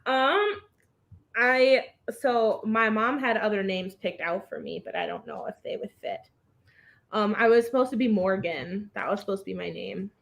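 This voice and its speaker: A woman's voice: medium pitch, normal speed, gravelly, fairly bright tone. A woman hosting a casual reading livestream over a video call, chatting and laughing often.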